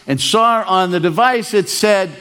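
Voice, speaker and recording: An older man from Maine preaching a storytelling sermon, animated and acting out the dialogue. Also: a little slow, smooth. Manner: animated, acts out dialogue with big pitch swings.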